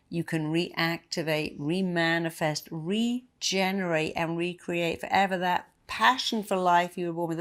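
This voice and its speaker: A low-pitched, middle-aged woman delivers a motivational talk. She speaks emphatically and drives her points home by repeating short phrases. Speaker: therapist and speaker.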